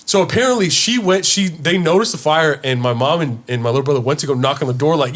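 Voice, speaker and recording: Lively young man telling a story. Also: fast talker, few pauses. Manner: animated storyteller who acts out voices with big pitch jumps, swears freely. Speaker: podcast co-host. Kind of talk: casual podcast chat.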